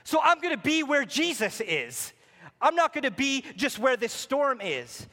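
Man, pastor, sermon, high bright voice, passionate, loud and soft turns, long hall echo. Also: sing-song, unhurried. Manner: passionate preaching, rising to near-shouts and dropping to quiet.

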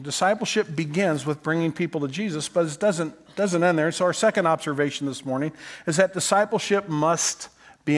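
A man's voice: fairly high pitch, a bit bright. A man preaching a sermon, talking to his congregation in a conversational way, often asking "right?" and repeating words as he goes. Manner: repeats words while he speaks. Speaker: pastor.

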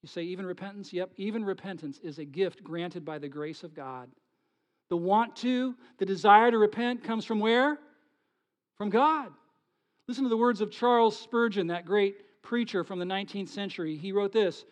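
High-voiced pastor preaching with dramatic swings. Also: male voice, moderate pace. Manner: dramatic swings from soft whispers to loud pleading; asks the congregation rhetorical questions. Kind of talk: sermon.

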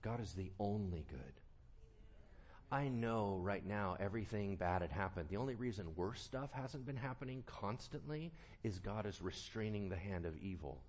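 A male pastor preaching a sermon, swinging from quiet earnest talk to loud animated bursts and acting out quoted voices. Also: lowish voice, normal speed.

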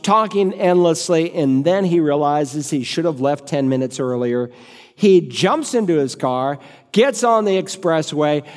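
A man's voice: a little high, darkish tone, big-room sound. A man preaching a sermon as pastor, telling vivid illustrative stories.

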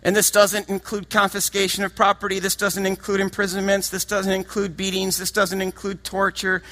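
Male preacher, fervent sermon delivery, high bright voice, big dynamic swings. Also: monotone, normal speed. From United States. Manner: impassioned, swings from hushed to shouting.

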